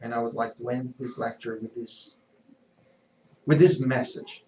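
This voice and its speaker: Male lecturer, spiritual talk, earnest and measured, unhurried, roomy hall echo. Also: medium pitch, fairly even intonation, a little mellow. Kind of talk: spiritual lecture and poem reading. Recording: echoey, slightly dull hall recording.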